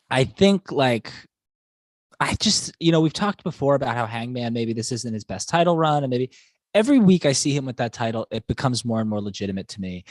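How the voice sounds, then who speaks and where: A man's voice: mid-range voice, no room sound, clean studio sound. A man co-hosting a casual wrestling talk show, arguing his points with enthusiasm and a lot of "like". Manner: enthusiastic, fast-building arguments with many likes. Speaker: podcast co-host.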